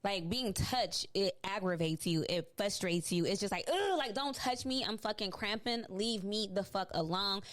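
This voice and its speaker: A woman's voice: medium pitch, moderate pace, hardly any pauses. A woman hosting a podcast in casual, blunt chat, swearing freely and laughing often. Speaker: podcast host.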